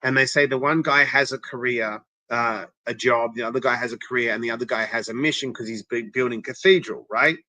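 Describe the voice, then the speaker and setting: A man with a forceful, bright voice speaks emphatically, like a coach laying out rules. He keeps checking in with the listener as he goes. The sound is dry and close, with no room echo. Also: medium pitch, fairly even intonation, a little fast, few pauses. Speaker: interventionist guest. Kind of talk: motivational interview talk.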